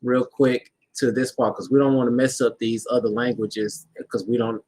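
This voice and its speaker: A man co-hosting a live-streamed spiritual talk, walking through his points in a relaxed way and checking in with "right?". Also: medium pitch, moderate pace. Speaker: co-host of a spiritual channel. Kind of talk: live-streamed casual discussion.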